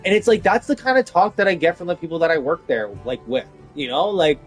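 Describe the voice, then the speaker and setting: A man rants casually about his job, swearing freely and piling up fillers as his exasperation spills out. His voice sits somewhat high for a man. Faint music plays in the background. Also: sing-song, fast talker, hardly any pauses, slightly rough. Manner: profane, exasperated, rambling with many fillers. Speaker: vlogger venting about work. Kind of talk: casual rant.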